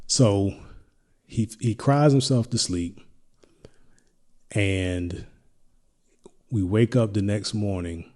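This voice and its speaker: A middle-aged man hosting a podcast, telling a personal story in a reflective, halting way with many restarts. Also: lowish voice, warm tone. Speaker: podcast host.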